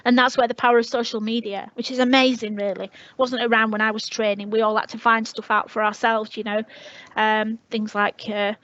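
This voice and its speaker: A woman's voice: a little high, flat delivery, a little fast, fairly bright tone. Chatty northern English woman teacher, muffled. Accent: northern English, Leeds. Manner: chatty, anecdotal, many restarts. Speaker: language teacher. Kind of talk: webinar talk.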